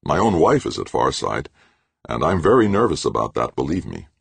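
A man's voice: rumbling low, sing-song, moderate pace, gravelly, husky, no echo, full character voice. A man playing a young leader who speaks firmly and reasonably. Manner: reasonable, firm. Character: young man leading a moonbase, firm.

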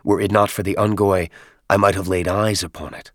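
A man voicing a proud, gruff alien male chieftain who growls and barks his words. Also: deep voice, steady tone, brisk, no echo, studio quality. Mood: groaning. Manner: growling, barking commands.

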